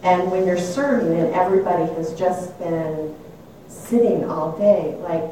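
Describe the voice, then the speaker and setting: A woman's voice: lowish voice, measured pace, slight background noise. Older woman telling a story in an echoey room. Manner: animated and candid, laughing at herself. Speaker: speaker sharing a personal story. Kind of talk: reflective personal storytelling. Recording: echoey room, mic at a distance.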